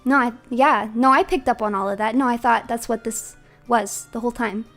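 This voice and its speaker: Calm, deadpan older man, put on by a woman streamer. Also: on the high side, a little fast, soft background music. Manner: deadpan, matter-of-fact. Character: calm older swordsman, deadpan and matter-of-fact.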